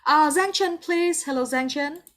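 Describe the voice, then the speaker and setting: A woman's voice: high voice, a little slow, fairly bright tone. Patient Vietnamese-accented woman teacher on a call. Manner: patient, encouraging, calls on students by name. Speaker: English teacher. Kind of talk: online class teaching. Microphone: video call.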